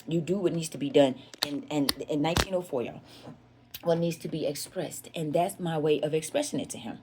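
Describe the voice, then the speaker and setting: Woman, lowish voice, candid storytime vlog, emphatic, confessional, repeats for emphasis, talks to viewers directly. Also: fairly quick, warm tone, a little hiss or hum. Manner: emphatic, repeats herself, often addresses listeners as "y'all"; confessional and earnest. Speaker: vlogger telling a personal story.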